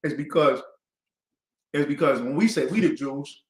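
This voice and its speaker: A man's voice: on the high side, moderate pace. A man leading a call-and-response Bible class, quizzing his students with emphatic questions. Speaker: class teacher. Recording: echoey room.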